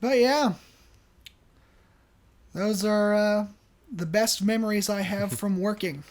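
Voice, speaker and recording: A man co-hosting a podcast, telling a job story in an animated way and laughing often. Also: high-pitched, slow pace, pauses often. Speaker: podcast co-host. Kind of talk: casual storytelling.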